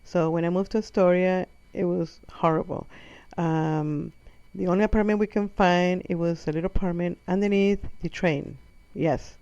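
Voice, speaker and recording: A woman with a non-native English accent performs a comic monologue as a storyteller, drifting through a self-correcting story and playing her mother's lines. Her dark voice sits on the low side, with fairly even intonation, moderate pace and hardly any pauses. The recording is dry, muffled and lo-fi.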